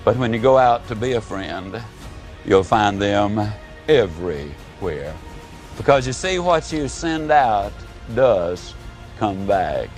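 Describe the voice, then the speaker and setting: A man giving a motivational speech to an audience, telling stories with dramatic pauses and big drops in pitch and volume. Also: sing-song, faint music behind. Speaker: motivational speaker.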